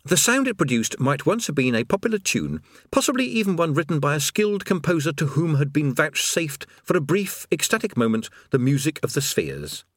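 A man narrating an audiobook in a wry, expressive storytelling manner, close on a studio mic. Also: on the high side, brisk, hardly any pauses, dry recording. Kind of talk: scripted narration.

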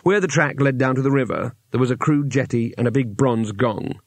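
Guy reading a story aloud, steady and wry, dead dry studio sound. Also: medium pitch, fairly quick, vocal fry, no room sound. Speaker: audiobook narrator. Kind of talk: scripted narration.

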